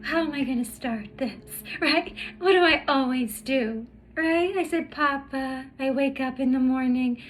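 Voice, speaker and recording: A high-voiced woman talks slowly and wearily, pausing often and restarting her sentences as she opens up in a personal vlog. Her tone is emotional and searching. Soft music plays clearly beneath her voice. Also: poor audio. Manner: halting, many fillers and restarts, emotional. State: tired. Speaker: spiritual vlogger. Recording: music playing in the background.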